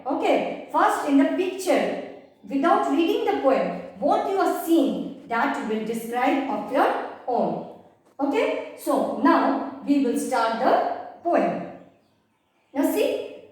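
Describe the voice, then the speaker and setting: A woman's voice: high voice, darkish tone. A woman teacher patiently explaining a poem to children, repeating lines and addressing the class. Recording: very echoey room, voice from far off.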